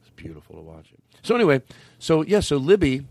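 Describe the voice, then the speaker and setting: A man in his fifties hosts a comedy show in a loose, jokey manner. His pitch swoops and jumps around a lot, and he stumbles through fillers as he banters. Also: quick pace, creaky, dry recording. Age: 50s. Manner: animated, jokey, frequent hesitations. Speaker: comedy podcast host.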